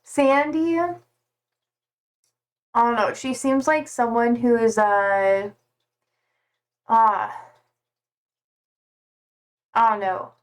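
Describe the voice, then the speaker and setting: A woman's voice: a little high, fairly even intonation. A woman chatting casually on a live stream, playful and giggly. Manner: giggly and playful, slow drawn-out talk.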